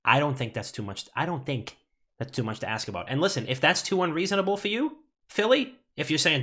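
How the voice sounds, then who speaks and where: A male podcast host at an average pitch, talking casually and animatedly. He rambles through stories with lots of filler and cursing. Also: quick pace. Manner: animated, swearing, rambling storyteller.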